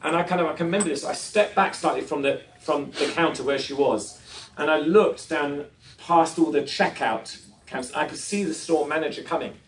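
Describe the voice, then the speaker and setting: A man's voice: fairly high pitch, normal speed, reverberant. A man giving a preaching talk to a live audience, telling stories with self-deprecating humour and asking the crowd questions. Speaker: conference speaker. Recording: distant mic with faint noise.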